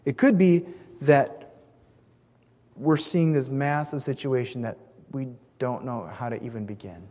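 A man's voice: medium pitch, measured pace, dark tone. A man preaching a sermon in an earnest, emphatic way, stressing key words and sometimes restarting a phrase. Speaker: pastor. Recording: long hall reverb.

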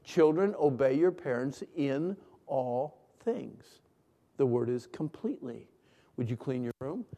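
A middle-aged man preaching a sermon, leading call-and-response and swinging between hushed and loud lines. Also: mid-range voice, animated, unhurried, creaky. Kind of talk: sermon to a congregation. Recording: long hall reverb.

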